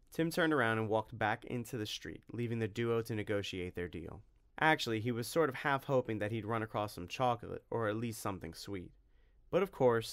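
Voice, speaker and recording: A man narrating a storybook in an expressive reading voice. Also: on the low side, normal speed. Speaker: audiobook narrator.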